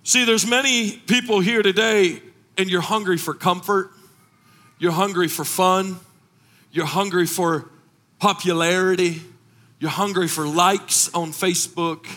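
Middle-aged pastor guy preaching hard, voice goes way up high, sings out his lines. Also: steady tone, measured pace. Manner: impassioned preaching, rising into shouted sung cadences. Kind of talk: sermon.

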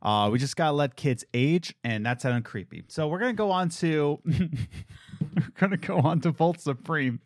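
Animated joking man in his late twenties. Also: a little high, moderate pace, dry recording, studio quality. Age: late 20s. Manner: animated, joking, reads listener comments aloud. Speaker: podcast host. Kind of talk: casual podcast chat.

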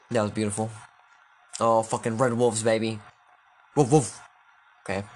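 A man commenting casually on his own football video game, thinking aloud, swearing freely and getting excitable on big plays. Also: on the low side, a little slow.

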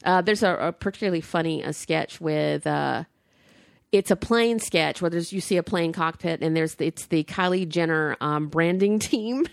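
A woman's voice: fairly low pitch, moderate pace, gravelly, no room sound, studio quality. A woman co-hosting a casual chat show, talking loosely with frequent fillers and laughs. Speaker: podcast co-host.

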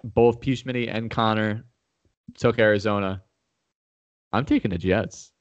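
Low-voiced man rambling through sports picks. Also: steady tone, a little slow, no echo, lo-fi sound. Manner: rambling, restarts, heated profane banter. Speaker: podcast host making game picks. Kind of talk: casual sports chat.

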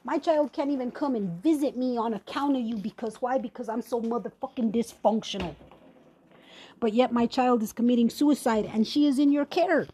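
A woman's voice: a little high, moderate pace, mellow, slightly rough. A woman hosting a podcast, ranting angrily and profanely in a confrontational personal monologue. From Native American. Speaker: podcast host.

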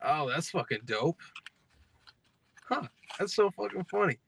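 A man's voice: fairly high pitch, animated, measured pace, vocal fry, background noise. A young man hosting a podcast, telling profane, laughing stories in casual chat. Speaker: podcast host.

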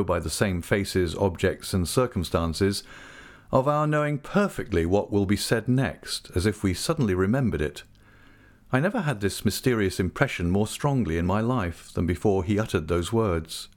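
A man reading a classic novel aloud in an expressive, heartfelt first-person audiobook style. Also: low voice. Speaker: audiobook narrator.

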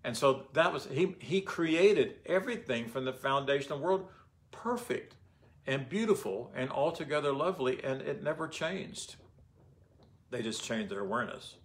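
A man's voice: medium pitch, animated, normal speed. A man giving informal Bible teaching in a conversational way, often asking his listeners rhetorical questions.

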